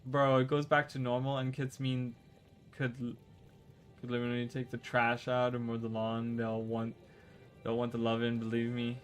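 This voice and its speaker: A gaming streamer with a mid-range voice chats casually with viewers at a moderate pace, his delivery completely flat. Faint music plays behind him as he rambles, stumbles over words and restarts sentences mid-game.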